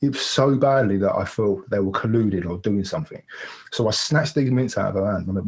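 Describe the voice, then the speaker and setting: A man recounts a hard personal episode at a quick clip, in a low and husky voice. He rambles openly and acts out the other people's lines as he goes. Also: darkish tone. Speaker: podcast guest. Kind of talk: personal storytelling.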